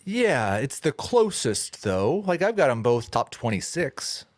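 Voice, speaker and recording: A man chats on a sports podcast in a lively way, firing off quick takes. His pitch jumps around a lot and the sound is dry and close. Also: no room sound. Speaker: podcast co-host. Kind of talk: casual sports chat.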